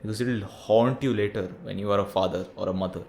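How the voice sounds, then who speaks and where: A man's voice: fairly low pitch, steady tone, quick pace, gravelly, a little mellow. A young man, ranting bluntly and profanely about parenting, peppering his talk with "bro". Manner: blunt, profane, preachy, says "bro" often. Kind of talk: ranting monologue.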